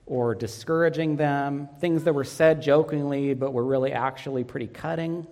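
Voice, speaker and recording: Earnest pastor preaching in a reverberant hall. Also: male voice, mid-range voice, steady tone, normal speed, warm tone. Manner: earnest, storytelling with light humor. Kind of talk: sermon. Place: church sanctuary.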